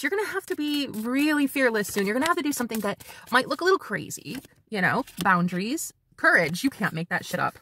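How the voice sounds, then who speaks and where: A woman tarot reader giving a casual spiritual reading, chatty and animated, swearing freely as she talks to her viewers. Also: medium pitch, slight background noise.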